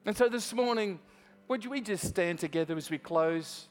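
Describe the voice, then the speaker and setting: A man's voice: high voice, moderate pace, soft background music. Australian man preaching in a reverberant church. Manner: chatty, restarts often, speaks straight to the congregation. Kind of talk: sermon with storytelling.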